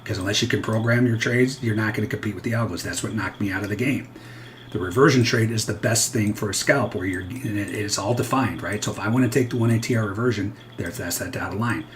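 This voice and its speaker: Low-voiced man narrating live trades. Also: fast talker, slight background noise. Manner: rambling, self-interrupting, candid. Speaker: futures trader. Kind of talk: live trading commentary.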